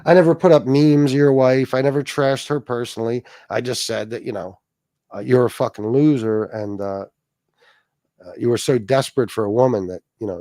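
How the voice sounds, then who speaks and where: A middle-aged man hosting a livestream speaks in a fairly low, warm voice while ranting profanely and mocking a rival. He keeps making asides to his viewers, and the audio is studio quality with no room sound.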